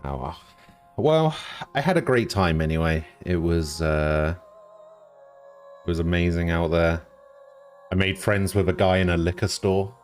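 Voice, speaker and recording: A British man streaming live, chatting casually with dry, deadpan humor and some swearing as he answers chat. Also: sits low, a little slow, pauses often, soft background music.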